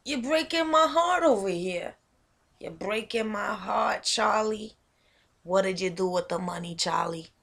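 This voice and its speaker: A woman voicing a tough male Italian mafioso who talks in a hushed, threatening, streetwise way. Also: medium pitch, a little slow, gravelly. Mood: wounded, pleading.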